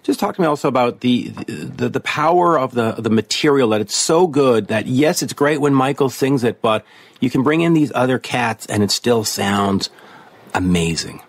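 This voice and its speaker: Male interviewer, mid pitch, losing his voice, loose looping questions, dry close mic. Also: lively intonation, normal speed, no echo. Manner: long, looping questions with restarts. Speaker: interviewer, host.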